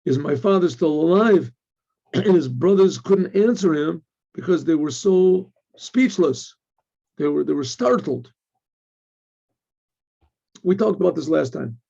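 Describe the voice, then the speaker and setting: Male rabbi, gravelly dark voice, clears throat a lot, dull lo-fi recording. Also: a little high, measured pace, long pauses. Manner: clears throat often, animated storytelling with restarts. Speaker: rabbi teaching Torah. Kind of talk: informal Torah lesson, retelling with quotes.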